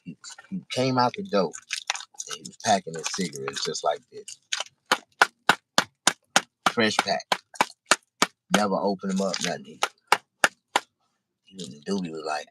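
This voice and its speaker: A man telling a personal story in casual, profane speech, halting and repeating himself. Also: low-pitched, lively intonation, very noisy.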